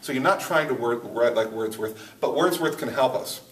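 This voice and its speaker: A man gives a poetry lesson while writing on a board, and he stumbles, restarts and thinks aloud as he goes. His voice sits at an ordinary pitch. It is picked up from across an echoey room. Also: a bit bright. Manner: halting, thinks aloud with many restarts and fillers. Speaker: poetry teacher. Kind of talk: whiteboard lesson. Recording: roomy, from a distance.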